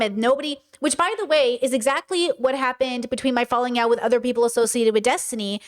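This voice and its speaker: A woman's voice: high-pitched, brisk. A woman streaming live commentary, talking passionately and emphatically and answering her chat.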